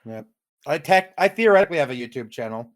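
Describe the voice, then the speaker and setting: A man's voice: on the high side, lively intonation, fast talker. A man guesting on a podcast in casual chat, offhand and laid-back.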